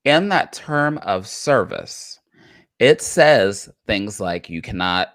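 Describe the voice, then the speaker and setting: A woman's voice: rumbling low, lively intonation, slow pace, a bit bright, no echo, studio quality. A woman co-hosting a live talk show, chatting casually about politics and repeating phrases for emphasis. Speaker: podcast co-host.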